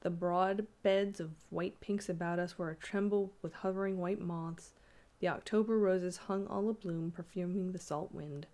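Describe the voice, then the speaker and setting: A woman reading a classic ghost story aloud in a measured, even storytelling manner. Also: on the low side. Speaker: audiobook reader.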